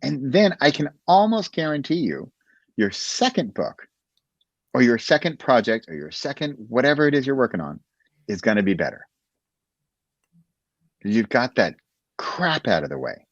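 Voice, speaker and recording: A man's voice: medium pitch, very animated, moderate pace, pauses often, no room sound, highs cut off. A man who is a guest on a podcast, talking casually and animatedly about writing, often laughing and acting out little conversations.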